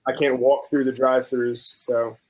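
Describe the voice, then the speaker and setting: A man's voice: mid-range voice, little pitch movement, normal speed, a little mellow, low-quality recording. A man on a video call, casually telling a story with animation and acting out both sides of an argument. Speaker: guest on video chat. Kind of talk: casual chat.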